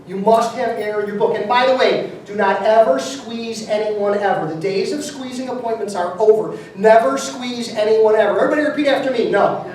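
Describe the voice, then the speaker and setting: A man's voice: very high voice, a little fast, darkish tone. Man lecturing in a very echoey hall. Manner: emphatic, repeats key numbers, quizzes the audience. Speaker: business seminar speaker. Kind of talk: motivational seminar talk. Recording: very echoey room, mic far off, faint noise.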